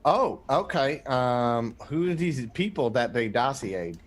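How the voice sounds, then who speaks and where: A man's voice: medium pitch, expressive, slow pace. A man playing a tabletop horror game, rambling and swearing often as he talks in character. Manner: profane and rambling, with many fillers. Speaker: player. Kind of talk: casual tabletop role-play.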